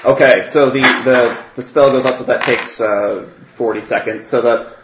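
A man's voice: medium pitch, fairly even intonation, normal speed. Hesitant man running a tabletop game. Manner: hesitant, many fillers. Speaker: game master. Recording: roomy, dull, faint noise.

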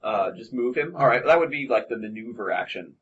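A man narrating as game master of a tabletop game, halting with many ums and restarts. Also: medium pitch, lively intonation, fairly bright tone. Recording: dull lo-fi recording with faint hiss.

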